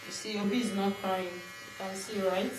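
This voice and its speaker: A woman's voice: mid-range voice, fairly even intonation, moderate pace, reverberant, noisy background. A woman, a mother, chatting casually to her viewers while unboxing something at home. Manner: chatty, talks to viewers as friends. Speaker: mother vlogger.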